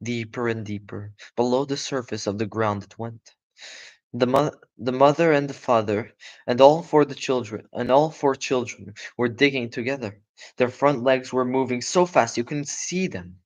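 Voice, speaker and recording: A man's voice: medium pitch, normal speed, muffled recording. A man giving a live audiobook reading of a children's story, breaking off into chatty, casual asides and correcting his own slips.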